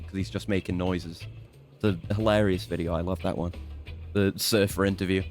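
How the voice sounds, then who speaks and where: A man's voice: deep voice, level tone, normal speed, soft background music. A man streaming a video game, rambling and swearing casually as he plans his next moves and mocks himself. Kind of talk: casual let's-play commentary.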